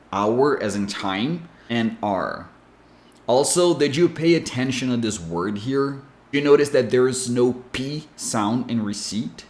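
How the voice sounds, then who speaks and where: A man teaching English pronunciation, giving clear, deliberate explanations and spelling out sounds. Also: mid-range voice. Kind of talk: scripted lesson explanation. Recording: echoey room.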